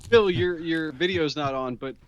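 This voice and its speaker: A man's voice: fairly high pitch, normal speed, slight background noise. A man co-hosting a casual podcast who teases the others with dry remarks. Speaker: podcast co-host. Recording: dull lo-fi podcast audio.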